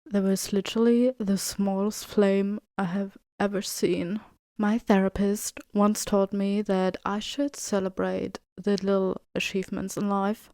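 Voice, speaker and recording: Chatty excitable woman podcast host. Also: mid-range voice, unhurried, no room sound, studio quality. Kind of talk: casual podcast chat.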